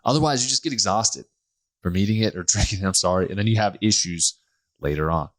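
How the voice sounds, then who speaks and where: A man hosting a solo health podcast, animated and joking, often laughing and acting out other people. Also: fairly low pitch, fast talker. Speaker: podcast host, health practitioner.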